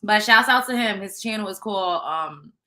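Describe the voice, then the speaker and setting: A woman hosting a show, chatting casually with viewers and reading out tarot cards in a loud, animated, profane way. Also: mid-range voice, moderate pace. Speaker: show host.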